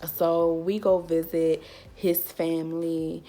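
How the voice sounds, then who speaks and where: A woman's voice: sits low, little pitch movement, slow, warm tone. A young woman vlogger telling a personal story in a casual, candid way, full of "like". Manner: chatty, lots of "like", candid.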